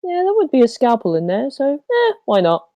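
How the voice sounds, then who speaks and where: A woman's voice: high-pitched, wildly swooping pitch, normal speed, warm tone, no room sound, lo-fi sound. A woman playing a tabletop game in casual chat, hesitant, with many ums and cheerful swearing. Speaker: player.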